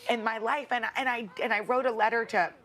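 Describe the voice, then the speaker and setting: A woman's voice: on the high side, steady tone, brisk. Emotional woman co-hosting a morning show. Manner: warm, emotional, laughing easily. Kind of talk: casual on-air chat. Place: TV studio.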